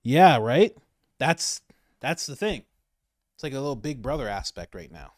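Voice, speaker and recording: A man giving casual political commentary, animated, laughing often and repeating his points for emphasis. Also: medium pitch, moderate pace, no echo, clean studio sound.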